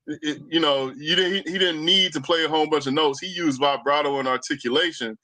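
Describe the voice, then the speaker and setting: A man's voice: on the high side, fairly quick, sharp tone, poor audio. A man who plays jazz, talking on a casual livestream panel. He speaks thoughtfully and searches for his words. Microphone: remote call mic.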